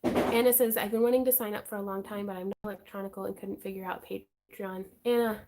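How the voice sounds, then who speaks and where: A woman's voice: medium pitch, fast, very noisy. Bubbly woman livestream host. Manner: bubbly, excitable, chatty, giggly. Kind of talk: casual livestream chat.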